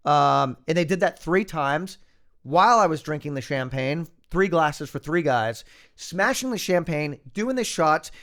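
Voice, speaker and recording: A man in his thirties, a podcast guest, telling a long story in a casual, animated way with lots of fillers. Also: fairly high pitch, measured pace. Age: 30s. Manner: animated anecdote, fillers and acted-out quotes.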